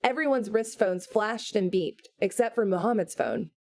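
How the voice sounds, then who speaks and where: A woman reading a novel aloud as audiobook narrator, in a measured, unhurried way. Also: medium pitch, a little mellow. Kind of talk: scripted narration.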